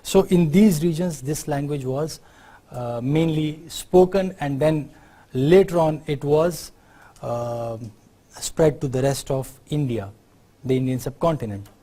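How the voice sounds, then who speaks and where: Pakistani male lecturer, fairly high and warm-toned voice, explanatory delivery that keeps checking in with students. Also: unhurried. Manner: explanatory, often adds tag questions to check understanding. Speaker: university lecturer. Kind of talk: university lecture.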